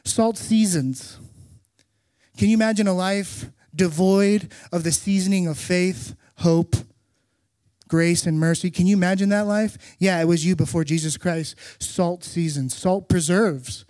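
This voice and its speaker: Middle-aged male pastor, slightly high voice, lively storyteller, dry close sound. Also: moderate pace, dry recording. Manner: animated storytelling with emphatic repetition. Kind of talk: sermon.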